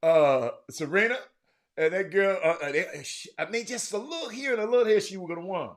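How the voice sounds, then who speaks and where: A man with a high-pitched voice talks briskly while hosting a sports talk stream from a room at home. It's loose, casual chat, and he calls out viewers by name.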